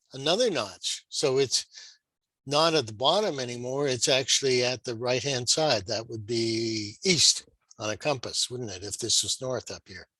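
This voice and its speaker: Male guitar tutor, middle pitch, patient and methodical, crisp dry home-mic sound. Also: pushed and bright, no echo, low-quality recording. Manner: patient, explanatory, with fillers and rhetorical questions. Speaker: guitar teacher. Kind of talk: screen-shared music lesson.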